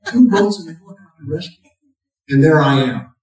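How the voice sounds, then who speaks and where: A man's voice: on the high side, expressive, brisk, a crowd in the background. Folksy preacher man, very echoey and distant. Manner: folksy, self-mocking humor, rising emphasis on punch lines. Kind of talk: sermon with storytelling.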